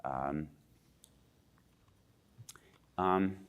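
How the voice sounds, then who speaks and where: A man, a journalist on a discussion panel, speaking haltingly with many filler sounds as he builds up his argument. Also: very deep voice, narrow, tinny audio.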